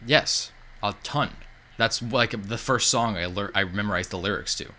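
Podcast host guy, pretty low voice but punchy and forceful, all over the place, swears a lot. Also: moderate pace. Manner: excitable, scattered, jokey, swears. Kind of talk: casual chat.

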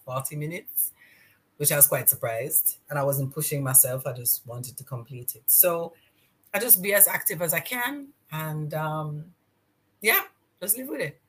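A woman's voice: deep voice, normal speed. A middle-aged woman, telling stories as a podcast guest and acting out the dialogue. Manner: lively storyteller, acts out quoted dialogue. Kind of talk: casual interview chat.

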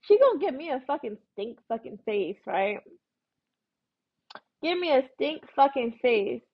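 A woman's voice: high voice, expressive, measured pace, breathy edge. A woman, hosting a podcast and telling a profane, blunt story in a casual rant. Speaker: podcast host. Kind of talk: casual ranting monologue. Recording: dull lo-fi recording.

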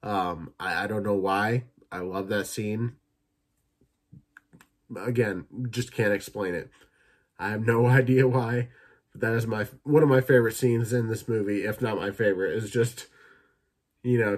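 A young man hosting a casual solo podcast, rambling and swearing as he retells movie scenes in quick impressions. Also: on the low side, steady tone. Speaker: podcast host reviewing films.

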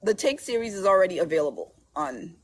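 Woman author guest, husky tone, chatty and quick to laugh, casual interview talk. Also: fairly low pitch, animated. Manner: chatty, laughs often while telling stories. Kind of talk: casual chat.

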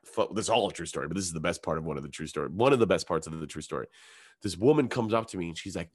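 A man's voice: lowish voice, animated, fairly quick, no room sound, clean studio sound. A man from Canada, a comedian, telling a long anecdote in casual chat. He swears often and acts out other people's lines in raised voices.

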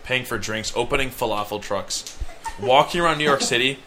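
A man's voice: medium pitch, a little fast, a loud crowd. A young man co-hosting a podcast, telling a long rambling story in casual chat. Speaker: podcast co-host.

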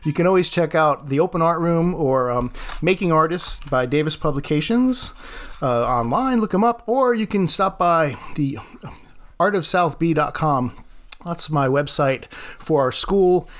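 A man's voice: a little high, lively intonation, measured pace. A man who teaches art, hosting his own podcast and telling a classroom story in a casual way, laughing often.

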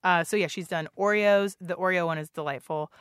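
A woman's voice: on the low side, brisk, smooth, dry recording, clean studio sound. A young woman co-hosting a podcast, chatting casually and rambling with lots of filler words and frequent laughs. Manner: excitable, laughs often. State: recovering from losing her voice. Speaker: podcast co-host. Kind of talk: casual chat.

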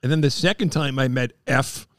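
A middle-aged man from Long Island telling stories in a casual chat, excitable and quick to put on high voices for the people in his tales. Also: no room sound, clean studio sound. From Long Island, New York. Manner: excitable, jumps into high-pitched impressions of people.

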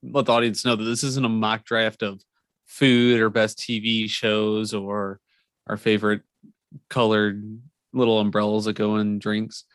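A man's voice: lowish voice, little pitch movement, a little slow, a bit bright, no room sound, clean studio sound. A man co-hosting a casual podcast, teasing his friend and joking around. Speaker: podcast co-host.

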